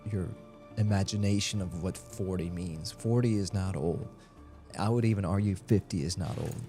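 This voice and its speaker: A man's voice: fairly low pitch, warm tone. A man live-streaming a game, chatting casually and rambling as he reads out viewers' messages. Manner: rambling and talkative, reads chat aloud.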